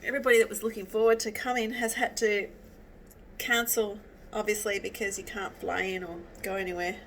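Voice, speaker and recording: This woman's medium-pitched voice is a little fast with little pitch movement, and the recording carries a slight hiss or hum. Cooking at home for her vlog, she talks casually in a rambling, self-interrupting way, sniffling and teary-eyed from chopping onions, while a far-off mic picks up loud clanking dishes and cutlery.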